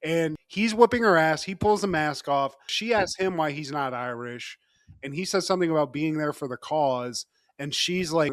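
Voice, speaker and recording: A man's voice: a little high, normal speed, dry recording, studio quality. Jokey man recapping a show. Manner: jokey, laughing often, slips into mock voices. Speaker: podcast co-host. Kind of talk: casual recap chat.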